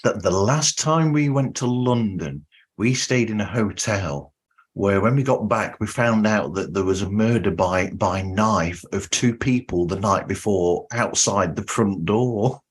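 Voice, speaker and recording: Husky low-voiced podcast host. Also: male voice, a little slow. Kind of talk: casual podcast chat.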